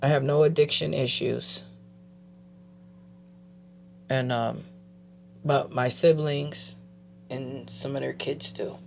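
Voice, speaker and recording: A woman guest telling her personal story in a casual interview, animatedly acting out other people's voices and dropping quiet when she turns serious. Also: a bass voice, slow, gravelly, long pauses, slight background noise. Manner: animated, acts out quoted voices. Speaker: guest, advocate.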